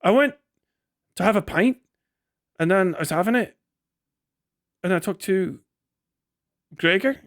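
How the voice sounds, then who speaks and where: A sleepy, easygoing pub regular with a put-on Scottish lilt, as a man does the voice. He rambles on without hurry in a dry, close sound, pitched fairly high for a man. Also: animated, no echo. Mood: rambling. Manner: meandering, unhurried storytelling.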